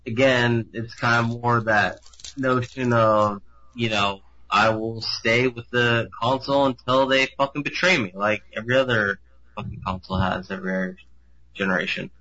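Blunt, bright-voiced man swearing freely. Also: mid-range voice, moderate pace, lo-fi sound. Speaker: podcast co-host. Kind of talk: casual gaming podcast chat.

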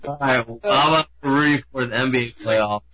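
A man chatting on a casual gaming podcast, his voice bright and forceful. He rambles bluntly and swears freely. The audio is dull and lo-fi. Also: mid-range voice, fairly quick. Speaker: podcast co-host.

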